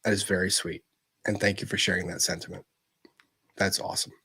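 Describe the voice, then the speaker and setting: A man hosting a livestream, chatting casually and gently as he answers viewer messages, with plenty of fillers and restarts. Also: deep voice, flat delivery, a little fast, slightly rough.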